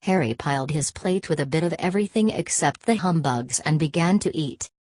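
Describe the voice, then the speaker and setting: A woman narrating an audiobook in a steady, measured way. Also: low voice.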